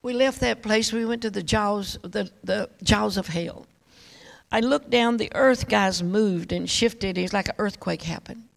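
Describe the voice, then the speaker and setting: A woman preacher with a heavily gravelly, fry-laden voice delivers an emphatic testimony sermon. She tells her story in repeated, insistent phrases, speaking straight to the congregation. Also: medium pitch, measured pace.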